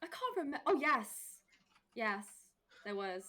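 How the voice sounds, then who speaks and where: A woman's voice: on the high side, very animated, a little slow, sharp tone. A woman streamer as a guest in a casual chat, giggly and hesitant.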